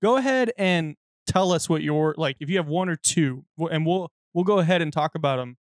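A young man and father co-hosting a podcast, talking in a quick, animated, jokey way. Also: fairly high pitch, dry recording, clean studio sound. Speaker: podcast co-host. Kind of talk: casual chat.

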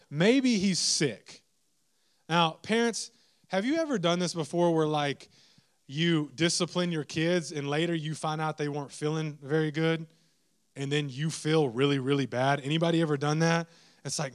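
Young male preacher, animated, self-mocking storyteller, slightly high voice. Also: moderate pace. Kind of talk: storytelling sermon.

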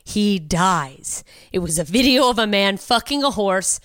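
A woman hosting a comedy podcast, reacting with sarcastic disbelief and swearing freely. Her pitch swings widely as she talks, animated and expressive. The recording is dry and close, with no room sound. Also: unhurried, no room sound. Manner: profane, incredulous, sarcastic, laughs often. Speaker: podcast host. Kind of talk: casual comedic chat.

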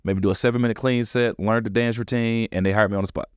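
A man appearing as a comedian guest has a smooth, lowish voice and a quick pace as he tells animated stories in a casual interview. He acts out what other people said, and the studio-quality audio has no echo.

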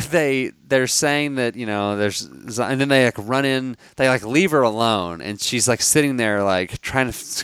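A man co-hosting a podcast in casual chat, rambling and halting with lots of fillers. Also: mid-range voice, fairly bright tone, clear, resonant tone, dry recording. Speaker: podcast co-host.

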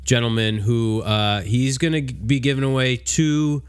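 A man's voice: mid-range voice, fairly even intonation, moderate pace, clean tone, no room sound, clean studio sound. A man co-hosting a casual podcast, laid-back and rambling, with frequent restarts. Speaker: podcast co-host. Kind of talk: casual chat. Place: woodworking shop studio.

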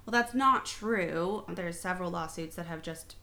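A woman with a Canadian accent, a podcast guest explaining things at length in a measured way with fillers and restarts. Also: fairly low pitch, gravelly, sharp tone.

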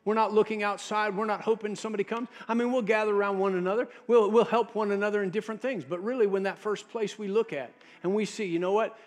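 High-voiced preaching pastor. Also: male voice, steady tone, fast, few pauses. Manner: preaching, drops to a soft low voice when quoting Jesus. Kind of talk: sermon.

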